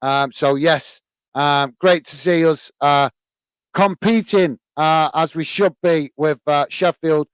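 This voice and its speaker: Guy doing live match commentary for his viewers, kinda high voice, smooth, dry close sound, lots of uhs and ums. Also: takes it slowly, no room sound. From England. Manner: chatty, many fillers, bursts into shouts at goals. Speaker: host of a football watch-along stream.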